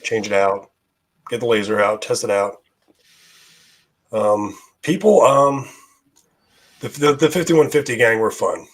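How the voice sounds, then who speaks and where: Hoarse man telling a rambling story. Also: lowish voice, measured pace, pauses often. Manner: rambling with many fillers and restarts. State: losing his voice. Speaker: guest. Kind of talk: casual chat.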